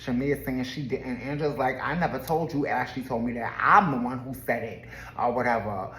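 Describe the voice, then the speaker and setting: A woman's voice: very deep voice, fairly quick, a bit bright. Chatty woman recapping reality TV. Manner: chatty and laughing, often slips into quoted voices. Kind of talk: casual gossipy episode recap. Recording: roomy echo.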